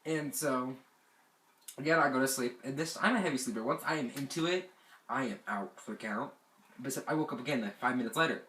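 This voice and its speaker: A young man tells a long camping story into a camera mic, rambling and restarting as he goes. His voice sits at an ordinary pitch, and it rises loudly when he gets worked up. The room around him sounds echoey. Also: fairly quick. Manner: rambling and animated, bursts of anger. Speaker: vlogger. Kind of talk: casual storytime.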